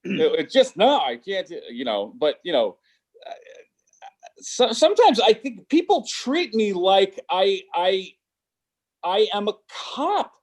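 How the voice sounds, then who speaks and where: A man doing a stand-up set over a video call, halting and stammering, full of fillers. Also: sits high, sing-song. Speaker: stand-up comedian. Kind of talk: stand-up set on a virtual show. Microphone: computer mic on a video call.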